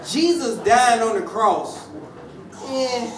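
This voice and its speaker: A man's voice: extremely high pitch, lively intonation, slow. A man doing a stand-up set in a comedy club, teasing the audience in a brash, profane way. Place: comedy club stage before a crowd. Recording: roomy club sound, mic at a distance, loud crowd.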